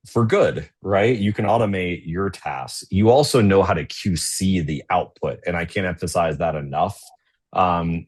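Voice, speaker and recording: Low-voiced man presenting a webinar. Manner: conversational, tags sentences with "right?". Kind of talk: casual business webinar walkthrough.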